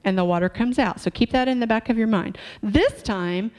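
A woman's voice: fairly high pitch, normal speed, a little mellow. Conversational woman preacher. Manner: conversational, asks the congregation questions. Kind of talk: sermon. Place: church.

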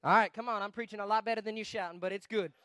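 A man preaching a guest sermon with emphasis, swinging between shouting and quiet asides. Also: high voice, fairly even intonation, rapid-fire, no room sound.

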